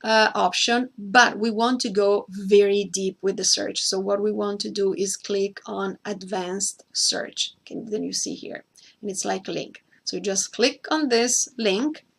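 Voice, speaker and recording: A woman walks viewers through a screen-share tutorial, going step by step and repeating the key points so nobody gets lost. Her voice has a noticeable gravelly edge, and it sits at an ordinary middle pitch. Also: steady tone, unhurried, a bit bright. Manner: addresses a co-host by name. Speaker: host.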